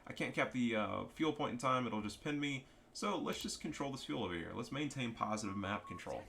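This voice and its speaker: Guy cussing and joking thru a strategy game match, bright tense voice, a bit of faint noise behind. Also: mid-range voice, expressive, fairly quick, vocal fry, hardly any pauses. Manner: joking, profane, rambling. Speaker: gameplay commentator. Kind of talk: casual gameplay commentary.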